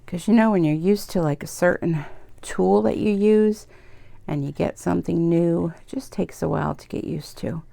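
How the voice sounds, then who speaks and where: A woman's voice: fairly low pitch, moderate pace, vocal fry, warm tone, dry recording. A middle-aged woman hosting an embroidery video, talking in a rambling, chatty way while she works. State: tearful at times. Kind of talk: casual chat while crafting.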